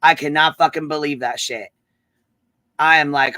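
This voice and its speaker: A man's voice: on the high side, fairly even intonation, moderate pace, long pauses, sharp tone, no room sound. A man ranting angrily on a livestream, cursing and repeating himself. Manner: heated, profane, repeats himself. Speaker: livestream host. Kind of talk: angry livestream rant.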